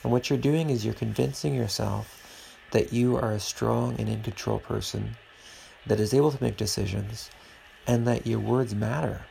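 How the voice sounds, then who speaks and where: A man's voice: medium pitch, fairly even intonation, normal speed, creaky, mellow, slight background noise, poor audio. A man hosting a podcast alone at home, talking in an earnest, preachy and rambling way. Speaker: podcast host. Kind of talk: casual podcast monologue.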